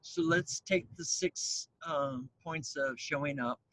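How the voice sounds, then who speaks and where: A man hosting an interview, soft-spoken and brief in his remarks. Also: fairly high pitch, takes it slowly, a little hiss or hum, poor audio. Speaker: podcast host. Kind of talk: casual interview.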